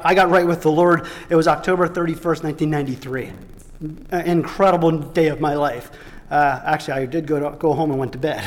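High-voiced man preaching in a reverberant hall. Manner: storytelling with rising emphatic peaks and soft asides. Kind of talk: sermon.

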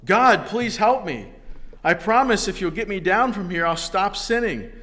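A man voicing a desperate man stuck on a cliff, shouting and pleading for help. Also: fairly high pitch, lively intonation, normal speed, long reverb tail.

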